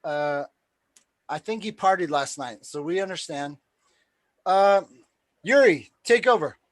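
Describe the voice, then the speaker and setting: Man, high voice, excitable, swears a lot, stream host, dry close mic. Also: unhurried, no room sound. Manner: excitable, swears freely, acts out quoted dialogue. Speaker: live stream host and tournament promoter. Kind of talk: casual storytelling on a live stream.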